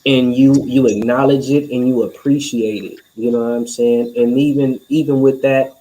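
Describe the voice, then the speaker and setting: A man's voice: mid-range voice, fairly even intonation, moderate pace, warm tone, low-quality recording. A man co-hosting a relationship podcast, talking in a loose, rambling way and often saying "you know what I'm saying.". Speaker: podcast co-host. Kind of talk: casual chat.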